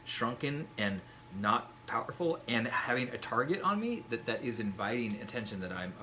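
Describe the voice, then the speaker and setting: A man in his forties talks as a guest in a relaxed chat, thinking aloud and restarting his sentences. His bright voice swings widely in pitch, and a faint hiss sits under the recording. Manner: reflective, halting with restarts. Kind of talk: casual chat.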